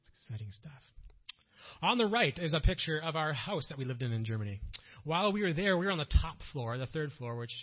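A man's voice: fairly high pitch, sing-song, fairly quick, muffled recording. A man with a Minnesotan accent, a missionary speaker telling a story to an audience in a conversational way, with many fillers and self-corrections.

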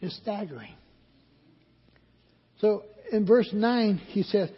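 Through a dull recording drenched in long hall reverb, a man preaches slowly in a slightly high, creaky voice with a breathy edge and long pauses. He puts questions to his congregation, then answers them himself in call-and-response fashion.

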